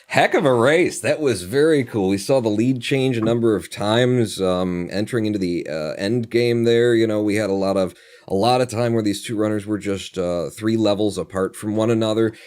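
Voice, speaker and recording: A man's voice: fairly low pitch, normal speed, a little mellow. A man commentating a speedrun race live, chatty and laughing often, with many fillers. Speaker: tournament commentator.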